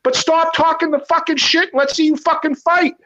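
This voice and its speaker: A man's voice: very high-pitched, fairly even intonation, brisk, bright, forceful tone, slight background noise. A man ranting in casual chat about a fighter, profane, fired-up and rambling. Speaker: guest on boxing talk show. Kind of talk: heated casual rant. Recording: dull lo-fi audio.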